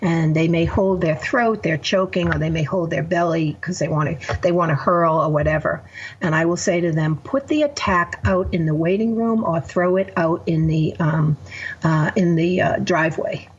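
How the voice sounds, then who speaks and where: A woman's voice: on the low side, normal speed, slightly rough, lo-fi sound. A woman therapist guest on a podcast, explaining her method step by step with examples. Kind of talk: podcast interview.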